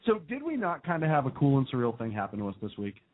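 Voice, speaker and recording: A man's voice: mid-range voice, wildly swooping pitch, fast talker. Boston-accented man hosting talk radio. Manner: rambling, self-deprecating, laughs often. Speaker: radio show host. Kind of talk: casual banter on a talk radio show. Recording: phone-like narrow band.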